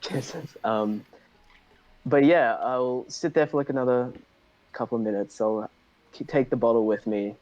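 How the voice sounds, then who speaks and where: A man's voice: mid-range voice, measured pace, long pauses, darkish tone, highs cut off. A man playing a tabletop role-playing game, talking casually with many fillers and a playful, hesitant manner. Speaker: player.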